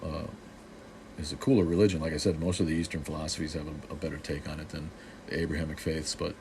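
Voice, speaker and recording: A man's voice: a bass voice, level tone, quick pace, a little mellow, a little hiss or hum. A man from Boston, maybe middle-aged, hosting a casual live stream and answering viewer comments in a snarky, joking way with plenty of restarts.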